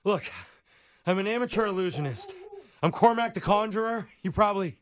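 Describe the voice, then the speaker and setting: Man, very high voice, frantic, flustered, laughing through lines, prank call. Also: animated, brisk. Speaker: radio prank caller posing as a dog sitter.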